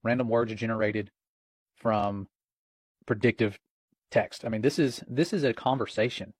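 A man's voice: fairly low pitch, normal speed, a little mellow, no room sound. A middle-aged man co-hosting a Christian podcast, speaking in an earnest, alarmed way. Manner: earnest and alarmed, reads chat quotes aloud. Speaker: co-host of a Christian watchman podcast. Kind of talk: casual religious commentary.

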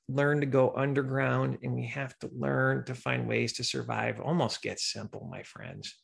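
Man, middle-aged, gravelly low rumble in his voice, mid-pitched, earnest casual monologue. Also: normal speed, hardly any pauses. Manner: earnest, animated storytelling with voiced quotes. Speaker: podcast host sharing dreams.

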